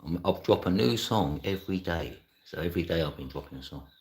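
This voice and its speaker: A man's voice: deep voice, lively intonation, brisk, darkish tone, a little hiss or hum. Laughing, chatty man on a live stream. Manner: laughs often, chatty, slangy. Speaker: livestreamer. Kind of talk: casual live stream chat.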